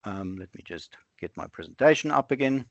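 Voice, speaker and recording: Man demoing software in a dull, dry webinar call. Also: on the low side, animated, creaky, no echo. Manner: conversational, self-correcting, halting fillers. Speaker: webinar presenter. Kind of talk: live software demo, thinking aloud. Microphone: online webinar with screen sharing.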